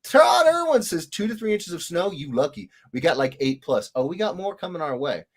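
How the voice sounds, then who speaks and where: A man's voice: a little high, big pitch swings, fairly quick. A man hosting a casual livestream, animatedly reading viewer comments aloud with sing-song greetings. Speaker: livestream host, illustrator.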